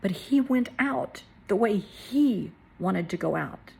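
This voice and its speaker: A middle-aged woman, a therapist, telling a personal story in a soft, tearful way that at times falls to a whisper. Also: medium pitch, animated, slow, creaky, husky. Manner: tearful, soft-spoken, drops to a whisper at moments.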